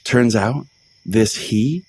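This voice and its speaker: A man's voice: fairly low pitch, very slow, a little mellow, husky, full character voice. A man voicing a pompous, self-righteous, hotheaded small-town pastor in a comedy podcast sketch. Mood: boastful storytelling. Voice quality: pompous, blustering. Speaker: host.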